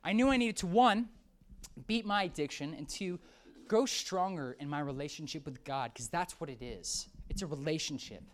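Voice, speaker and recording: Casting note: animated preacher, conversational sermon, big swings from hushed to excited. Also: mid-range voice, normal speed. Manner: lively, swings from hushed to excited outbursts, acts out quoted voices.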